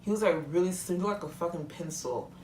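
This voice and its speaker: A woman's voice: lowish voice, expressive, fast talker, a little mellow, slight background noise. A young woman vlogger in a casual, heated rant, talking bluntly and swearing freely. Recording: echoey room, mic at a distance.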